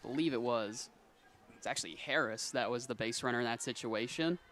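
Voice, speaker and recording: A young man calling play-by-play for a high school softball game, quick on routine calls and rising on big plays. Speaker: play-by-play announcer. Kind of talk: sports commentary.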